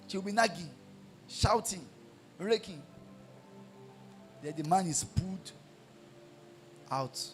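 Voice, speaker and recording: High-voiced emphatic preacher. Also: male voice, lively intonation, takes it slowly, pauses often, faint music behind. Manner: emphatic, repetitive, call-and-response. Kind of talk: sermon.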